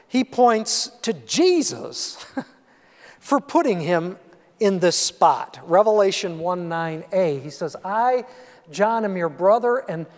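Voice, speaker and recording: Male pastor, unhurried, chatty and animated sermon, ringing church hall. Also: high-pitched. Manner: conversational, animated preaching with asides. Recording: long hall reverb.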